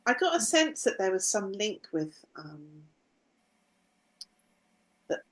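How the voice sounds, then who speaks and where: A woman's voice: mid-range voice, very animated, slow, a bit bright, low-quality recording. A woman, a client in a casual talk, reflecting aloud on her feelings. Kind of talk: casual conversation.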